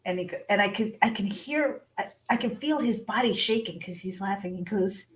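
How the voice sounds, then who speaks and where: A woman's voice: mid-range voice, brisk, few pauses, rough recording. A woman in the middle of an interview, spinning a comic story with lots of energy. She laughs easily and throws herself into the quoted lines, her voice sitting right in the middle of the range for a woman. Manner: animated storyteller, laughs often, acts out quotes. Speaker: guest author.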